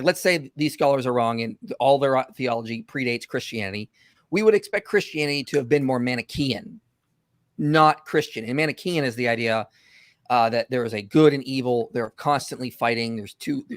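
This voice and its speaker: An animated male host runs a livestream commentary and rushes ahead in quick bursts, with plenty of fillers along the way. His voice sits at a middling pitch. The sound is close and dry. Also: no echo.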